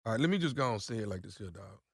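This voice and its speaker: A man playing a laid-back, halting caller who pines for a friend's wife in a prank phone call, with slangy talk and lots of repeats. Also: on the low side, lively intonation, slightly rough, dry recording, studio quality. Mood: sheepish. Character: smooth-talking man pining for a friend's wife. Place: radio studio.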